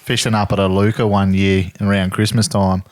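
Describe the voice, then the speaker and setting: A man's voice: deep voice, flat delivery, normal speed. An Australian man hosting a podcast, asking easygoing questions and sharing a fishing story. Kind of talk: casual interview chat.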